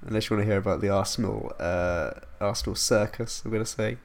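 Young male podcast host, low gravelly voice, rambling casual football chat. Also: quick pace. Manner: rambling, self-interrupting, laughs at himself.

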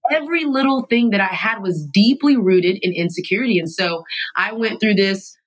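A woman guest in a studio telling her own story candidly, emphatic and animated, sometimes laughing through her words. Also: mid-range voice, normal speed, low-quality recording. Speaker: podcast guest.

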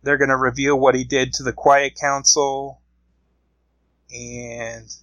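A man's voice: mid-range voice, flat delivery, takes it slowly, a bit bright, no room sound, rough recording. A man casually retelling a comic book story, rambling along with frequent fillers.

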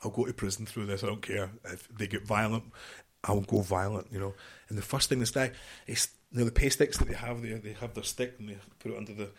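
A man's voice: fairly low pitch, steady tone, brisk, breathy edge. A middle-aged man from the United Kingdom, a former marine guest telling stories bluntly, with frequent swearing. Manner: blunt, swears often, vivid anecdotal storytelling. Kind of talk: casual storytelling interview.

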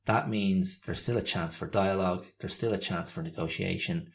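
Deep-voiced man reflecting thoughtfully. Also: moderate pace, vocal fry, few pauses. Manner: thoughtful, searching, many fillers and restarts. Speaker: podcast host. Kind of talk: reflective monologue.

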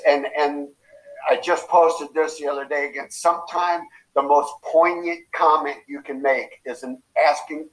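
A man giving a guest's coaching advice in a loose, motivational way. He tells his stories with animation and leaps up in pitch to act out quotes. His voice sits fairly high for a man. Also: poor audio. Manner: animated storyteller who acts out quotes with big pitch jumps. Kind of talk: casual motivational talk.

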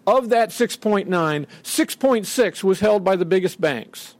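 A man's voice: sits high, lively intonation, a little slow. A middle-aged man giving an emphatic, indignant speech from a podium and acting out quotes. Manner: emphatic, indignant, dramatic quoting. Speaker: speaker at a podium. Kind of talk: public speech.

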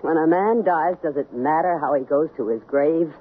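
A woman's voice: sits low, normal speed, breathy edge. An actress playing a cold, scheming woman who wants to keep stolen money, in a 1970s radio drama. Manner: hard and dismissive, then coaxing. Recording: narrow, phone-like old radio broadcast.

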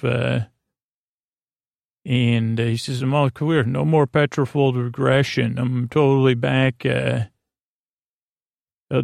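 A man with a gravelly, creaky voice drifts through a bedtime recap of a TV episode, stopping often on fillers and half-finished phrases. He speaks in a flat, even tone with little rise or fall, recorded close and dry with no room sound. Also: mid-range voice, dry recording. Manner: meandering, halting, full of fillers. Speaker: podcast host.

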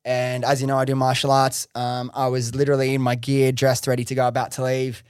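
A young man, a podcast host taking the guest seat, tells his business story in a lively, slangy way with frequent swearing and fillers. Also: mid-range voice, fairly quick, smooth, no room sound, clean studio sound. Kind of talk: casual interview storytelling.

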